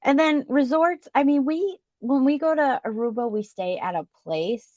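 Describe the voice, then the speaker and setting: A woman's voice: high voice, lively intonation, normal speed, a little mellow, no room sound, dull audio. A middle-aged woman with a New Jersey accent, co-hosting a podcast in casual, rambling chat full of fillers and restarts. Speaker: podcast co-host.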